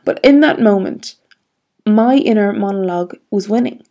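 A woman's voice: medium pitch, moderate pace, dark tone. A woman vlogger telling a personal story in a frank, reflective way, swearing freely.

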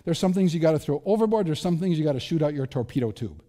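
Middle-aged male pastor, mellow voice, chatty self-deprecating sermon, echoey hall. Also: on the high side, expressive, fast. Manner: conversational, self-deprecating, frequent restarts.

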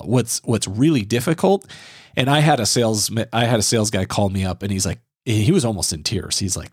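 Low-voiced man telling a story on a podcast. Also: a little fast, slightly rough, no echo, studio quality. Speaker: podcast co-host. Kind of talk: casual podcast conversation.

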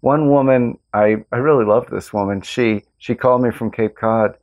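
A man who farms organic tomatoes, hosting a casual interview and telling stories in an earnest, relaxed way. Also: medium pitch, moderate pace, muffled recording. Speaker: host, organic tomato farmer.

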